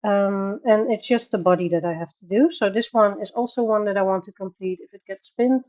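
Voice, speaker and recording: Her medium-pitched voice is brisk and darkish, and the recording sounds muffled. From her bedroom at home, this Dutch-accented woman from the Netherlands runs a relaxed coloring livestream, chatting, laughing a lot, and welcoming viewers by name.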